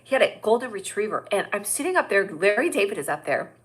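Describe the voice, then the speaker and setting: A woman in her thirties hosting a live stream, telling rambling, excitable stories in a casual chat. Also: mid-range voice, fast, hardly any pauses, husky. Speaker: host.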